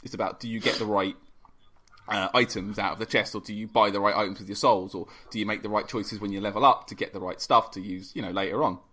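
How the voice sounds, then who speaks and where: A man's voice: lowish voice, steady tone, fast, sharp tone, breathy edge. A man chatting casually as a podcast guest, rambling and self-deprecating with a joking tone. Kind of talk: casual chat.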